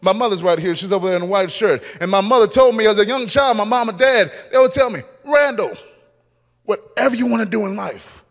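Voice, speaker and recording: A man giving an animated testimony as a guest speaker at a church, acting out scenes from his story. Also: high voice, a little fast. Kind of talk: testimony sermon. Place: church hall. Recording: long reverb of a church hall.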